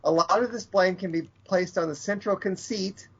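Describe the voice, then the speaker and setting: A man's voice: high voice, moderate pace, slightly rough, dull audio. A man co-hosting a podcast, reading out a dry, wry review of an episode. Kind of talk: read review.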